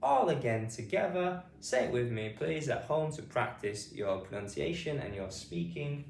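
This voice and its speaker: A man's voice: medium pitch, big pitch swings, a little slow, gravelly, hardly any pauses. A man with a British accent teaching phonics, patiently saying each word and spelling it out letter by letter. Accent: British English. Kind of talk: slow spelled-out pronunciation lesson. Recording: roomy sound, mic at a distance, faint noise behind.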